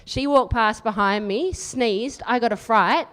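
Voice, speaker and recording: Aussie woman doing stand-up, teasing the crowd, kinda high voice, echoey live room. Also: measured pace. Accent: Australian. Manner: chatty, teasing the crowd, deadpan asides. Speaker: stand-up comedian. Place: live comedy venue. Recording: live room with long reverb.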